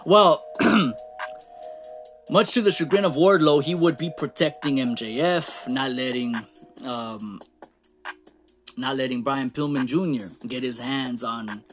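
A man ranting casually in a wrestling show review, animated, swearing and laughing at the shocking moments. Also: medium pitch. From Latino. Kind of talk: casual recap rant.

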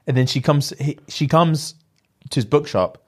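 A man's voice: on the high side, normal speed. A young man, chatting casually as he retells a film plot in slang and acts out the characters' lines. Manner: animated storyteller with slang, acting out the lines.

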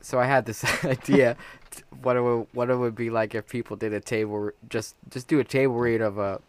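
A man hosts a casual podcast at an ordinary middle pitch. He rambles, restarts his sentences and fills the gaps with ums and uhs. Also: steady tone, a little fast, smooth, no room sound. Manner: rambling, hesitant, many fillers. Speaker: podcast host. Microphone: video camera setup.

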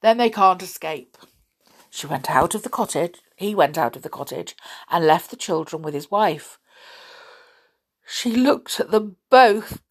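A woman storyteller reads a children's tale with a lively, expressive voice. She takes her time, speaking slowly and leaning into each turn. Now and then she turns to the listener with an aside. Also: fairly low pitch, husky.

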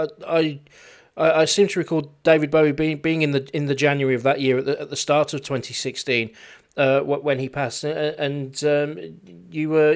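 A man hosting a local radio show, interviewing a guest with many fillers and restarts, then reading the news. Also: a little high.

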